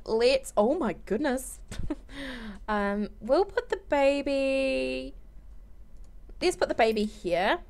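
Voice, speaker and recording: A woman hosting a let's play, chatting casually and gushing with excitement as she plays. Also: fairly high pitch. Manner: gushing, excitable, exclaims often. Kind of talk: casual game commentary.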